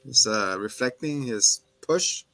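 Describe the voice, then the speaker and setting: A man's voice: medium pitch, animated, slow, sharp tone, dry recording. A man co-hosting a casual chat, animatedly retelling a TV episode and acting out the characters' lines. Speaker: podcast co-host recapping a TV episode.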